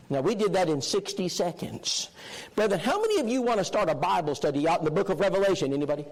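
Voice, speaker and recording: Animated preacher, high lively voice. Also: male voice, fast, poor audio. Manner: animated storyteller, acting out dialogue. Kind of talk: storytelling sermon lesson. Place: church, addressing a congregation.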